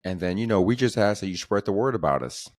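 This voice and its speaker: A man's voice: on the low side, animated, quick pace, a little mellow, no room sound, natural voice. A man imitating an eager, polite young male carpet cleaner with an upbeat, salesy way of talking.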